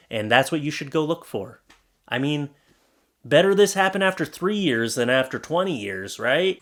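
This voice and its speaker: A man's voice: fairly high pitch, fairly bright tone. A young adult man hosting a comedy commentary show, reacting to posts in a sarcastic, exasperated way and slipping into mock voices.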